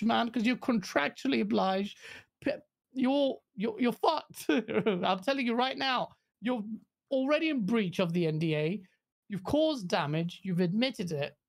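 Speaking with vocal fry, this gaming podcast co-host chats casually in a blunt, profane rant. She curses freely and slips into high, mocking quotes of others.

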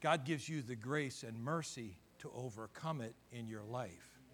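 A man's voice: mid-range voice, unhurried, a bit bright. A middle-aged man preaching a sermon as pastor, building to fervent emphasis.

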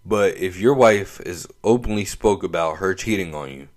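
A man's voice: low voice, moderate pace. A young man hosting his own show, telling a story in a laid-back, slangy way and laughing often. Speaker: podcast host. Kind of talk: casual opinion monologue.

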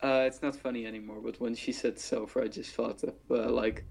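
Man, gravelly voice, casual podcast chat, joking, interrupts. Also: mid-range voice, flat delivery, fairly quick, a little mellow. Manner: playful, jokey, interrupts with gags. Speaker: podcast co-host.

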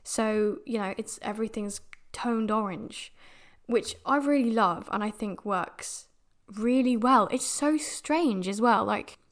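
Speaking slowly in a higher-pitched voice, a young British podcast host discusses a film casually. Her style is chatty and rambling, with frequent restarts and fillers.

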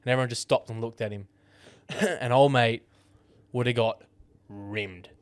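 A young Australian man co-hosting a podcast, telling animated stories full of swearing in casual chat. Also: medium pitch, normal speed, smooth, no echo. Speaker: podcast co-host.

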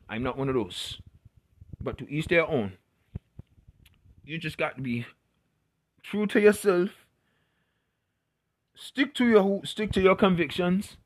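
A man with a notably high-pitched voice delivers a blunt motivational rant, swearing freely. He talks with raw passion and restless restarts.

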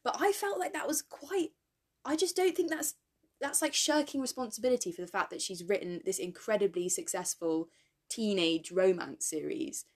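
A woman's voice: medium pitch, normal speed. A young woman co-hosting a podcast in casual chat, thoughtful and wry, laughing easily. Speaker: podcast co-host.

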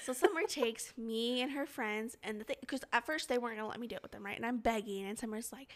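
A young woman co-hosting a casual podcast chat, telling childhood stories in an animated way, with lots of "like". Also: fairly high pitch, fast talker. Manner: animated storytelling, frequent "like". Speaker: podcast co-host.

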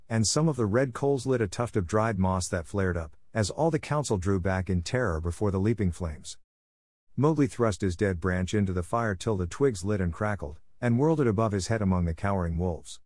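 A man narrating a classic story aloud in a measured, dramatic reading style. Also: fairly low pitch, lively intonation, darkish tone, no room sound, clean studio sound.

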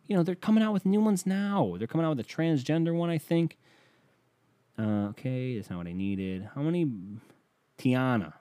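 A man's voice: medium pitch, dark tone, smooth, no echo. A man ranting as a comedian in a profane, sarcastic, rambling monologue.

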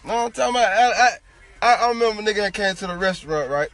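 Man, high voice, podcast co-host, casual profane banter, storytelling. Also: expressive, racing, a bit bright. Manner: loose, profane storytelling with lots of "know what I'm saying". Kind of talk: casual chat.

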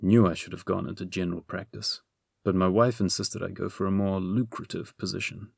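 A man voicing a gloomy, henpecked young physician who grumbles quietly in a storybook reading. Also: sits low, normal speed, creaky, no room sound, studio quality. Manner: glum, grumbling, muttered.

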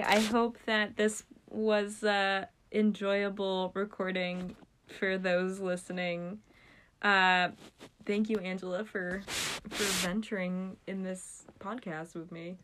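A woman's voice: mid-range voice, little pitch movement, takes it slowly, noisy background. A young woman from the United States hosting a podcast at home, chatting casually and giggling, with lots of fillers. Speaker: podcast host. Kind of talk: casual chat.

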